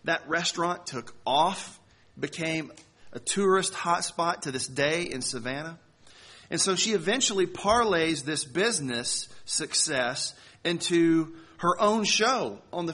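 Man preaching with slow emphatic storytelling. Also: fairly high pitch, pushed and bright, breathy edge. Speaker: pastor. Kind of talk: sermon.

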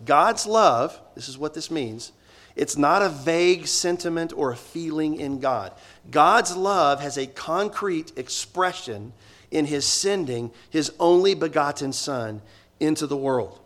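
Emphatic preacher, a man. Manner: emphatic, drawn-out stresses on key words; swings between loud emphasis and low, quiet asides. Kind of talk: sermon.

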